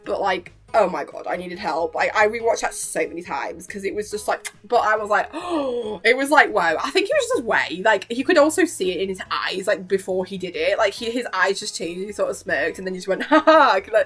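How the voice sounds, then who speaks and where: A young woman vlogger chatting excitedly in a gushing, giggly way and acting out quotes. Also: medium pitch, a little fast, hardly any pauses, slightly rough, faint music behind. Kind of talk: excited reaction chat.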